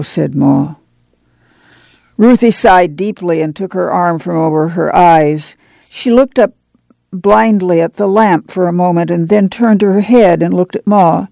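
A man narrating a novel aloud as an audiobook reader, in a steady reading manner. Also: high-pitched, measured pace, gravelly, no room sound.

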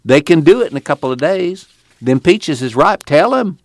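A man voicing an earnest, excitable former preacher with a rural drawl. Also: fairly high pitch, normal speed, dry recording, studio quality, voice pushed up. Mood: excited. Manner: rural Dust Bowl drawl, impassioned.

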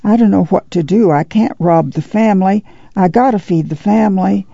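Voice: medium pitch, moderate pace, gravelly, mellow, slightly rough, no echo, highs cut off. A reader voicing a weary, careworn mother in a poor migrant family, speaking in a folksy rural dialect. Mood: helpless.

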